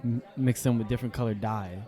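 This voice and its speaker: An American man of ordinary pitch rambles deadpan through an improvised comedy bit, padding his lines with ums and you-knows. A faint crowd murmurs behind him outdoors. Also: fast talker. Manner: deadpan, rambling with many fillers. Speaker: podcast co-host.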